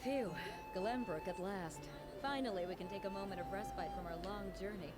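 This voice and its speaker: A woman's voice: mid-range voice, moderate pace, loud music behind the voice, lightly acted. An actress voicing a loyal, protective attendant to a noblewoman in a video game, speaking in formal, old-fashioned phrasing.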